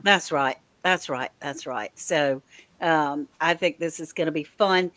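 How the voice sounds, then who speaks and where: A woman hosting a casual live-stream chat, unhurried and quick to laugh. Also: low-pitched, a bit bright. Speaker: host.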